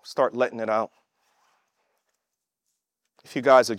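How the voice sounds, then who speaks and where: A man preaching a sermon, emphatic, calling out to the congregation and shouting at the peaks. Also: mid-range voice, fairly even intonation, slow, long pauses, dry recording, studio quality. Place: church service with online audience.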